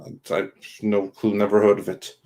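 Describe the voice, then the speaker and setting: A man co-hosting a casual live stream, reading viewer messages aloud in a halting way with many ums and restarts. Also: fairly low pitch, completely flat delivery, mellow. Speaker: co-host of an online entertainment news show.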